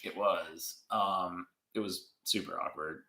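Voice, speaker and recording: A man co-hosting a podcast, casually recapping an episode from his notes in a rambling, animated way. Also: low voice, slow pace, roomy sound, low-quality recording. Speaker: podcast co-host.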